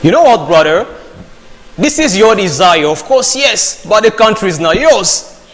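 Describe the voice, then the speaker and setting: A man moderating a discussion group, briskly passing the floor and teasing speakers. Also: high-pitched, very animated, crowd noise. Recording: hall with long reverb.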